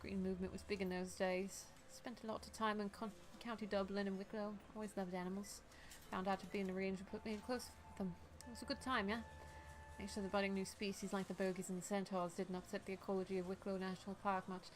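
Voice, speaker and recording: A woman's voice: medium pitch, level tone, fast talker, natural voice. A woman voicing a tough, brash female mercenary with a shotgun, putting on a swaggering, blunt accent. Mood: gruff storytelling.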